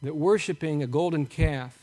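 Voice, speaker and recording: Emphatic male preacher, fairly high voice. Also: moderate pace. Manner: animated, emphatic preaching with rhetorical questions. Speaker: pastor. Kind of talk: sermon.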